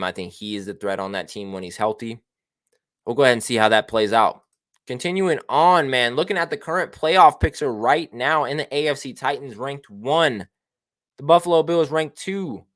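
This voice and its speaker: A man hosting a casual sports talk show, speaking at a middle pitch with a loose, slangy delivery full of "man" and "bruh". He is brash and excitable, and his voice is recorded dry and close. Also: dry recording. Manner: slangy and profane, with frequent "man", "bruh" and "baby". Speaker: show host.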